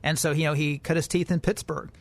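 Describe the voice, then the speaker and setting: Male podcast co-host, slightly high voice, casual read-aloud delivery with fillers and restarts. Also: fairly even intonation, quick pace. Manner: reads news quotes aloud, with fillers and restarts. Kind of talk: casual political podcast chat.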